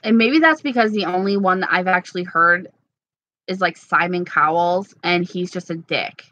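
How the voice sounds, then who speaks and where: A woman's voice: lowish voice, normal speed, bright, forceful tone, no room sound. A woman from New York, chatting casually and giggling as she rambles through viewer comments as a beauty vlogger. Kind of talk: casual live chat reading comments.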